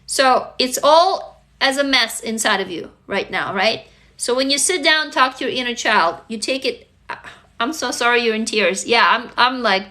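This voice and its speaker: A woman's voice: on the high side, pushed and bright. A woman from Russia, a native Russian speaker, earnestly coaching viewers on a live stream and often checking whether they follow. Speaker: livestream host and author. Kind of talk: casual live-stream talk. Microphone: phone.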